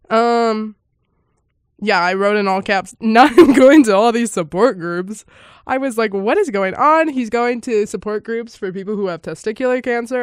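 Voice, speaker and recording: A woman's voice: medium pitch, no room sound, clean studio sound. A woman hosting a casual podcast, reacting to a film in a chatty, giggly way, often laughing and exclaiming in surprise. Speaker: podcast host.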